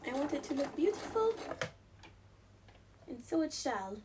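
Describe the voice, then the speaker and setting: A young woman chats on a live stream while she sews, her voice sitting a touch high and swinging widely. She giggles often and mutters to herself over the tricky parts. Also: very animated, unhurried, background noise.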